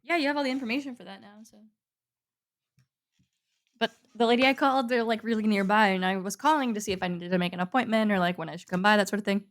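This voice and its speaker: A woman's voice: medium pitch, fast talker. Woman, young adult, podcast co-host, casual chat, chatty and rambling, lots of fillers.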